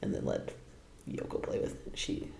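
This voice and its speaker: A man's voice: moderate pace, darkish tone, reverberant, a little hiss or hum. A man hosting a casual reaction video, laughing often and tossing out playful asides.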